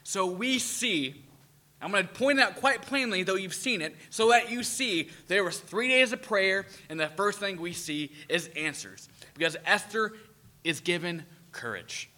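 A man delivers a sermon in a very bright, slightly high voice. He talks animatedly, throws questions at his listeners and slips into little acted-out voices. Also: moderate pace. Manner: animated, acts out quoted voices, asks the audience questions. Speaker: preacher.

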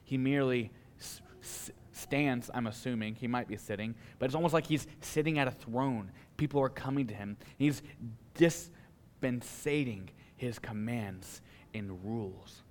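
A male pastor preaching a sermon with dramatic pauses, swinging from a hushed delivery to a forceful one. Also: mid-range voice.

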